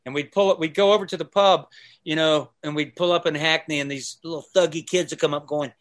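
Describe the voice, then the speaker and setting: Here the same kind of guest speaks fairly quickly in a higher-than-average male voice. In an easygoing podcast conversation, he spins animated tales, impersonating whoever he's quoting and slipping in sung snippets.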